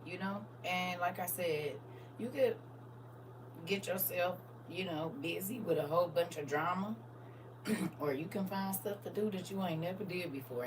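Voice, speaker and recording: A woman's voice: low voice, a little hiss or hum. A woman, chatting casually to viewers on a livestream and talking straight to them. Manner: animated, talks straight to viewers. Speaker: livestream host.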